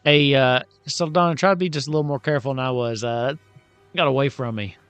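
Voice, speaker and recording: A man voicing a rough-spoken adventurer with a drawl, halting and sheepish. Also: mid-range voice, fairly bright tone, no echo, soft background music, natural voice.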